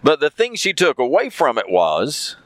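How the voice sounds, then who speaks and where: A man's voice: a little high, wildly swooping pitch, normal speed, a bit bright, no echo. A man telling a story in a casual monologue, repeating phrases for emphasis.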